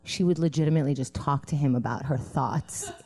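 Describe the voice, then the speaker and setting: A woman in her thirties, born in Israel and raised in Queens, chatting on a live comedy podcast in an animated, self-mocking way and laughing often. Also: sits low, fairly quick. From Israel, grew up in Queens. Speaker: guest comedian. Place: small live venue.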